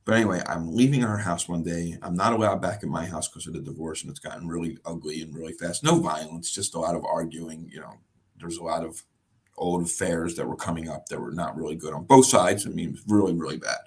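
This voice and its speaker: An American man, a guest in an interview, telling a personal story in a halting, emotional way and often repeating words. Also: sits low, husky. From United States.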